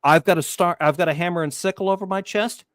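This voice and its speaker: A man with a somewhat high voice rants in a heated, profane way and keeps building his anger. His voice is close and dry, with almost no room sound. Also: quick pace, a bit bright, no echo. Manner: profane, ranting and worked up. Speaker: panel guest. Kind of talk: heated casual chat.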